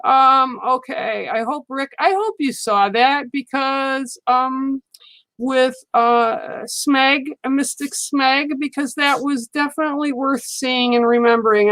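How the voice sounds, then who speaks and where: A woman giving a live card reading to viewers, speaking in a slow, soothing and reassuring way, often checking in with "okay?". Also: fairly high pitch, fairly bright tone, no room sound, poor audio. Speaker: psychic card reader on a livestream. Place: studio.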